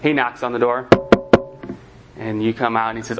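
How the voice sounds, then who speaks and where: A man's voice: medium pitch, little pitch movement, normal speed, fairly bright tone, soft background music, rough recording. A man preaching to parents in a conversational sermon style, telling a story and acting out the lines of the people in it. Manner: conversational preaching with acted-out quotes. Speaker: pastor.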